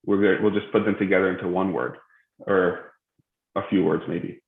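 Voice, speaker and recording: A man's voice: low-pitched, level tone, brisk, vocal fry. A young man teaching a live religious recitation lesson in a mosque, hesitant and full of filler sounds as he explains. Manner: hesitant, many filler sounds, self-correcting. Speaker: tajweed teacher. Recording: echoey, tinny phone-like stream.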